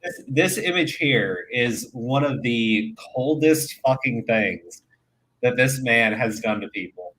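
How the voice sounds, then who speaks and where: A young man chatting casually on his stream, telling stories with lots of swearing and growing excitement. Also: medium pitch, takes it slowly, slight background noise. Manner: profane, excitable, animated storytelling. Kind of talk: casual chat.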